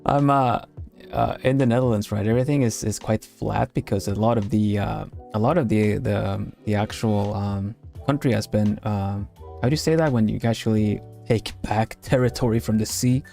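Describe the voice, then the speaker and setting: A man's voice: on the low side, normal speed, creaky, dark tone, faint music behind. A man from Sweden, hosting a casual stream and chatting while drawing, with many fillers and restarts. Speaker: streamer host.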